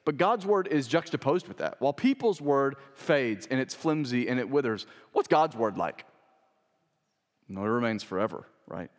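Young male pastor, mid pitch, emphatic and chatty sermon delivery, long hall reverb. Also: expressive, moderate pace. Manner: rhetorical questions, emphatic and conversational.

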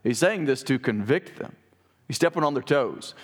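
A man's voice: mid-range voice, expressive, moderate pace. A man preaching a sermon, reading scripture aloud and then talking it through conversationally, asking the congregation questions. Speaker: pastor.

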